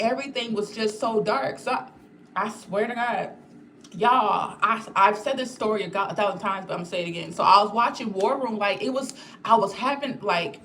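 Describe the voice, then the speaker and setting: A woman's voice: mid-range voice, a bit bright, slight background noise. A young woman hosting a casual live stream, talking straight to her viewers in a candid, rambling way and swearing freely. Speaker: channel host reading live chat.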